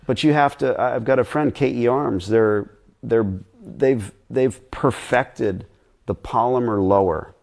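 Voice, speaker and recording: A man's voice: mid-range voice, measured pace, gravelly, a little mellow. A middle-aged man chatting bluntly and ramblingly as a guest on a live stream Q&A.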